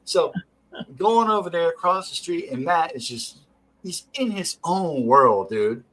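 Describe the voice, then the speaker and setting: A man spinning a long, rambling anecdote in a relaxed, profane, conversational way. His voice sits a touch higher than most men's, and he keeps an animated, loose storytelling manner. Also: measured pace, rough recording. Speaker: stream host. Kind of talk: casual storytelling.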